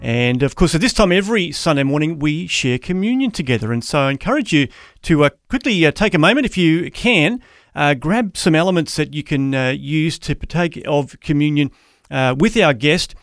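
A man filling in as a Christian radio host, leading into communion with many hesitant pauses. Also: fairly high pitch, expressive, fairly bright tone, no room sound, clean studio sound. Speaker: radio show fill-in host.

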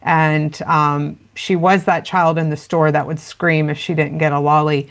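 A woman talks through her ideas in an interview, earnest and explanatory. Her voice sits low and carries a gravelly fry. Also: little pitch movement, a little slow. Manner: earnest, explanatory, many fillers. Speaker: parenting expert guest. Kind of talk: interview conversation.

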